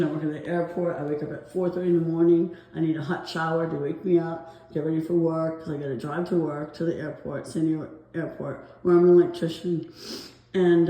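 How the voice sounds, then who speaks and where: A woman's voice: low-pitched, dark tone, reverberant, poor audio. A woman talking to her phone camera in a rambling, anxious way, out of breath, with nervous laughs. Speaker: vlogger filming her apartment complaints. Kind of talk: casual walking vlog.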